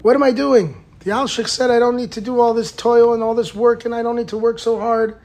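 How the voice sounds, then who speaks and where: A man voicing a zealous, stubborn simple laborer. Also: brisk. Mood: determined. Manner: insistent, rising to an excited pitch.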